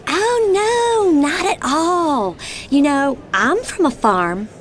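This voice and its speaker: Sweet farm-raised girl, unhurried and sing-song. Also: high-pitched, lively intonation. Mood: gushing. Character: sweet farm-raised young woman, country music fan.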